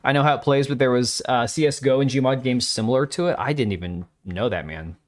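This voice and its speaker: A man's voice: mid-range voice, fairly quick. A man hosting a live stream, giving blunt, opinionated and crude commentary while talking back to his chat.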